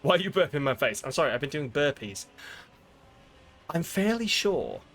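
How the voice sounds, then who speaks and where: Lively British man playing a game live. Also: mid-range voice, fast talker. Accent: southern English. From Britain. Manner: playful, self-mocking, tries silly voices. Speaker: streamer. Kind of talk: live gameplay commentary.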